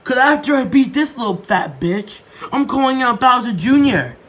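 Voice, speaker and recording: A man's voice: very high-pitched, animated, normal speed, fairly bright tone. A man playing a hot-headed short young fighter. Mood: angry boastful. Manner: angry, boastful trash talk.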